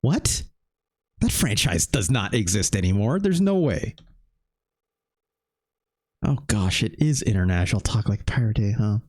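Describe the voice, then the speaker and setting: Animated low-voiced man streaming a game. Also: measured pace, long pauses. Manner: animated, swears casually, talks to chat. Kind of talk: live game stream chat.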